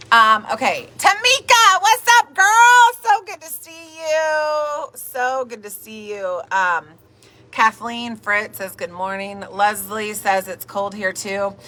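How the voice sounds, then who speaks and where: A woman's voice: on the high side, sharp tone. A young woman hosting a casual livestream, reading viewer comments aloud in a bubbly, repetitive way while tired from an early start. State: tired, up since the middle of the night. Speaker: host of a livestream. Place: home in Texas.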